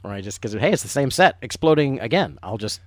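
Brief: quick, rambling male director doing commentary, self-deprecating, dry close-mic sound. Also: mid-range voice, expressive, no echo. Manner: rambling, self-mocking, laughs often. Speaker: film director giving commentary. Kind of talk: commentary track chat.

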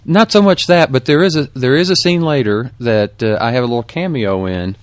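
A man speaking as a guest in a casual commentary, hesitant and slow with many ums. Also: medium pitch, dry recording.

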